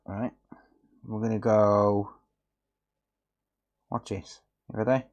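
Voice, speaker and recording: A man's voice: on the low side, little pitch movement, slow pace, darkish tone, muffled recording. A man chatting casually on a live stream while fixing electronics, often muttering and teasing viewers.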